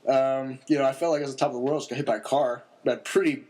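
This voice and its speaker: A man's voice: mid-range voice, fairly even intonation, quick pace, a little mellow, a little hiss or hum. A young man casually telling a long story on a podcast, laid-back and rambling, with many fillers and chuckles.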